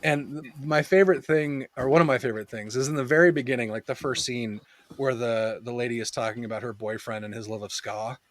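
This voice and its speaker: A man's voice: medium pitch, a little fast. A young man co-hosting a podcast, casually reviewing a film with lots of laughter and quoted lines. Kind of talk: casual movie review chat.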